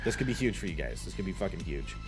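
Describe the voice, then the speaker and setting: A man's voice: low voice, sing-song, fast, vocal fry, slightly rough, faint music behind. A man playing a tabletop role-playing game, talking in character with lots of swearing and stammered repeats. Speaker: player. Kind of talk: in-character role-play, casual.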